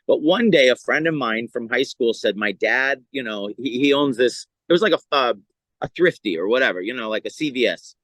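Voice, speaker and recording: A man's voice: mid-range voice, fairly quick, dry recording, rough recording. A middle-aged male comedian from California telling stories in a casual podcast chat. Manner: animated storyteller, lively retelling. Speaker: comedian guest.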